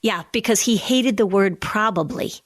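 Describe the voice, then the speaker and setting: A woman's voice: medium pitch, moderate pace, dry recording, clean studio sound. Woman explaining anxiety patterns. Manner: explanatory, acts out kids' questions. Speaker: podcast host, anxiety expert. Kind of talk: casual podcast chat.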